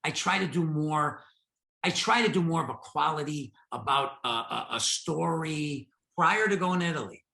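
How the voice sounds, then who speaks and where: A man's voice: a little high, normal speed, vocal fry. A middle-aged man tells stories from his life in an oral history interview, acting out the dialogue. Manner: animated, acts out his own dialogue. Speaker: interviewee, podcast host. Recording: roomy echo.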